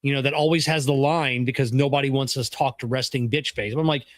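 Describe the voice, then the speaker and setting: A man with a mid-range voice co-hosts a relaxed podcast and rambles through his stories in a halting way. The recording is dry and close. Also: medium pitch, no echo. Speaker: podcast co-host. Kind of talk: casual chat.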